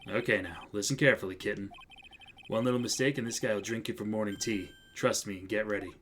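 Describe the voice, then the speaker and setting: A man doing a low, hushed, cocky mentor voice. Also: fairly even intonation, fast talker, a little hiss or hum, natural voice. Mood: teasing. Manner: low, hushed, teasing drawl. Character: smooth, cocky older male mentor lawyer.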